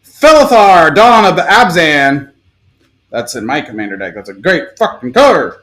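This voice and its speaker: Male stream host, casual and profane, rattles off items fast with lively, upbeat pitch. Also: rough recording. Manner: rapid-fire listing with excited outbursts and cursing. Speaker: live stream card seller. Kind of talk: casual live stream pack opening.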